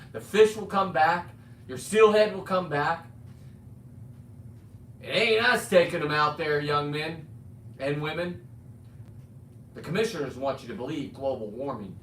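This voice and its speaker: A man's voice: on the high side, fairly bright tone. A middle-aged man hosting a livestream, ranting bluntly with plenty of restarts and the odd swear. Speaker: livestream host. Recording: roomy sound, distant mic, faint ambient noise.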